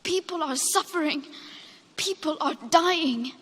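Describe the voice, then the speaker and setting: A woman's voice: high voice, measured pace, a bit bright, long reverb tail. A young woman giving a formal speech in an accusing, emotional manner. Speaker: climate activist giving a speech.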